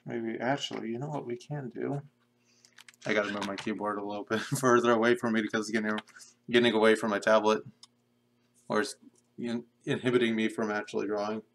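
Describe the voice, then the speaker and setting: A young man casually talking to himself in a flat monotone while drawing pixel art on a live stream. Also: fairly low pitch, a little fast, gravelly, slight background noise. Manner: mumbling to himself, self-described monotone. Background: keyboard typing and clicking.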